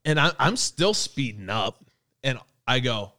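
A man's voice: medium pitch, unhurried, no echo, clean studio sound. A man telling his own snowmobile crash story in casual, profane chat, acting out what he said. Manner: animated, swearing, acts out his own words.

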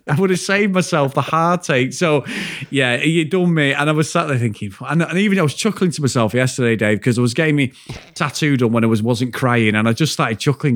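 A man co-hosting a podcast, casually chatting about a TV show, swearing freely and telling animated stories. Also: medium pitch, a little fast. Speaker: podcast co-host. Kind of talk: casual chat reviewing a TV show.

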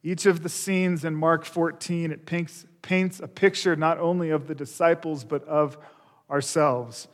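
A male pastor preaching a sermon, speaking earnestly and addressing the congregation directly as friends. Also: on the high side. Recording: long reverb of a large hall.

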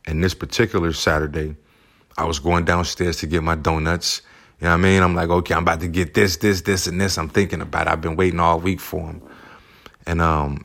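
Deep-voiced man telling a heartfelt story. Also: a bit bright. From United States. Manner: heartfelt, loose speech full of "you know" and "man". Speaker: single father sharing his life story. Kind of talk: personal storytelling.

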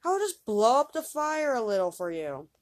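A woman's voice: on the high side, very animated, normal speed. Woman reading as a brash fearless youth. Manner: brash, loud exclamations. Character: bold fearless young man, cheeky and cheerful.

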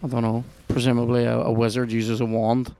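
A man with a Northern Irish accent, hosting a podcast and commenting on a video game in a sweary, excitable, jokey way. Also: medium pitch, brisk, no room sound. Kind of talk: casual gameplay commentary.

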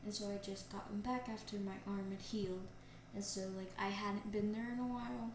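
A young woman co-hosting a podcast, telling rambling, animated stories in casual chat. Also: medium pitch, brisk. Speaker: podcast co-host. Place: indoors, TV on nearby. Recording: echoey room with faint noise.

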